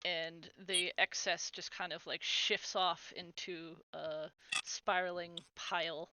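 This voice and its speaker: Slow, bright-voiced woman game master. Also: fairly low pitch, little pitch movement, rough recording. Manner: describes slowly with many fillers. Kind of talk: narrating a tabletop game.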